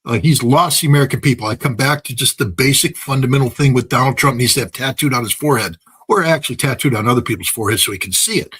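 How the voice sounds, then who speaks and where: Husky-voiced man giving emphatic political commentary. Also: medium pitch, quick pace, a bit bright. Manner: emphatic, repeats phrases for effect, frequent filler words; folksy, uses everyday examples and laughs at his own points. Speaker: political commentator, interview guest.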